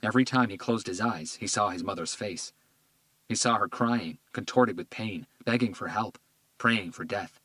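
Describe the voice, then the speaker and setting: A man narrating a crime thriller audiobook in a measured, grave read. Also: on the low side, a bit bright, dry recording.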